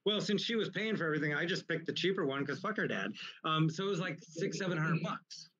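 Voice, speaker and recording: A man's voice: fairly high pitch, fast talker. A man who works as a comedian telling rambling, profane stories in a casual live interview. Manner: rambling, profane, animated anecdotes. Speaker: guest comedian. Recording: muffled, lo-fi recording.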